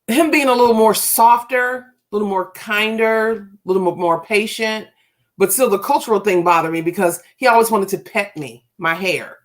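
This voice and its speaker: A woman's voice: medium pitch, normal speed. A woman in casual chat, talking bluntly and emphatically, repeating firm commands.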